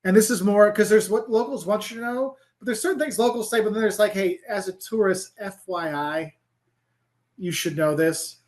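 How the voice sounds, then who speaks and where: This guest, a middle-aged travel creator and professor, has a voice that sits high and moves at a moderate pace. Chatting casually in an interview, he rambles in an animated way, repeatedly saying "like" and restarting sentences.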